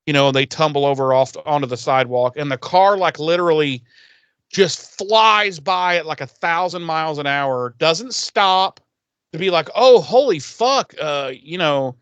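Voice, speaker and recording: A man's voice: a little high, fairly bright tone, smooth, no echo, highs cut off. A man co-hosting a podcast, casually retelling a TV episode in a rambling, profane way and briefly acting out the characters. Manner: rambling, profane, acts out characters in quick voices. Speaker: podcast co-host recapping an episode. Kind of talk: casual chat, retelling scenes.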